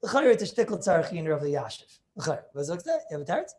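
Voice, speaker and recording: This man speaks at a fairly high pitch with a darkish tone, very animated and fast. As a rabbi teaching over a video call, he lectures on religious law, emphatic and thinking out loud while he questions his students.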